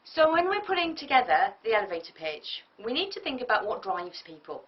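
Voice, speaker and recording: Woman teaching, lively and distant. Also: fairly high pitch, fairly quick. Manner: lively, acts out example speakers. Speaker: business tutor. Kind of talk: tutorial lecture. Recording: muffled lo-fi audio from a distance.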